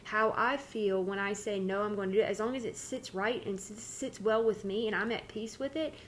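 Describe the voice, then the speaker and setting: A woman's voice: medium pitch, fairly even intonation, brisk, slight background noise. Candid rambling woman channeler. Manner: candid, rambling, self-interrupting. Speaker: spiritual channeler. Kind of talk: casual spiritual talk.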